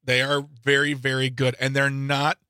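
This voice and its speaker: A playful male radio co-host who jokes his way through the talk. His voice is bright and forceful, recorded close and dry in a studio. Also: medium pitch, completely flat delivery, normal speed, clean tone, no echo. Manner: jokey, playful banter. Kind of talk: casual radio chat.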